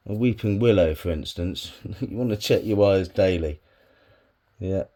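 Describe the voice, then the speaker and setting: Wiring a bonsai on camera, a hobbyist vlogger chats casually as he works in a fairly low, dark-toned voice. He swears a lot and mutters to himself along the way.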